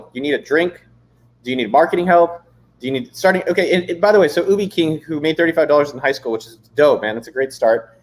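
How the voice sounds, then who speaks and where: A San Diego livestream host reads viewer comments aloud and chats casually, swearing often and cracking jokes. His voice sits on the high side and is a little mellow.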